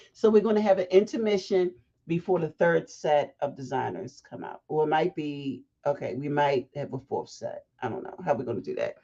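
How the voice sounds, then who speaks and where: A woman hosting a casual livestream, chatty and animated, breaking off into asides. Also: low-pitched, normal speed. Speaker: fashion week organizer hosting a livestream. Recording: dull lo-fi livestream audio.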